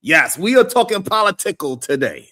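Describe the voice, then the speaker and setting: Stream host, slightly high pitch, casual, animated, talks back to the chat. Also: male voice, moderate pace. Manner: animated, reads chat comments aloud, mocks critics in exaggerated voices. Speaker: live show host. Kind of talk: casual live-stream commentary.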